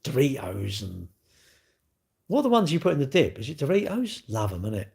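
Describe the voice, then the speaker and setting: A man's voice: mid-range voice, huge pitch swings, a little fast, gravelly, darkish tone, slightly rough. Middle-aged guy w a rambling on his live, cracking jokes at himself. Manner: rambling, jokey, self-mocking banter. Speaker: livestream host. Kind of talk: casual chat reading viewer comments.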